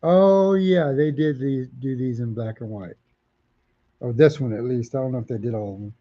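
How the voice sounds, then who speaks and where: A man's voice: mid-range voice, moderate pace, dull audio. A man hosting a live comic auction stream, chatting casually, repeating prices and titles and reading out viewer comments.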